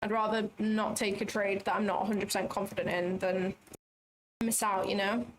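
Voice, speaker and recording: A woman's voice: medium pitch, little pitch movement, normal speed, a little hiss or hum. A woman hosting a live trading stream, chatting and thinking aloud in a self-deprecating way. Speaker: trading livestream host. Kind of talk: live commentary while trading.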